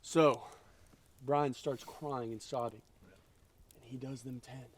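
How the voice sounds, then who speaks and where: A man's voice: medium pitch, steady tone, slow, far from the mic. A young man telling a campfire story to friends, hamming it up. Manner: hammy, playing it up.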